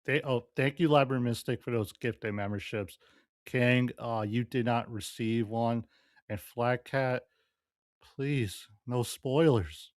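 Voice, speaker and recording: A man's voice: medium pitch, takes it slowly, no room sound. Guy hosting a stream, wry side comments, pretty dry sound. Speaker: livestream host. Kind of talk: livestream commentary.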